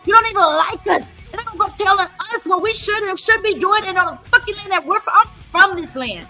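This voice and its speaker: A woman's voice: extremely high pitch, fairly quick, pushed and bright, soft background music. A woman hosting a livestream, talking in a blunt, profane, repetitive rant. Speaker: livestream host.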